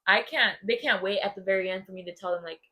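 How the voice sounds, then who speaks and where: A young woman co-hosts a podcast in a relaxed, chatty way, spinning family stories with quick asides. Her voice is bright and forward, sitting at an ordinary pitch for a woman. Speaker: podcast co-host. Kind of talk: casual chat.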